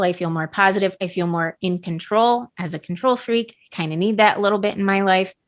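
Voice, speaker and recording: A woman's voice: lowish voice, fairly bright tone. A woman co-hosting a podcast, chatting casually and practically about everyday routines. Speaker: podcast co-host. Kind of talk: casual chat.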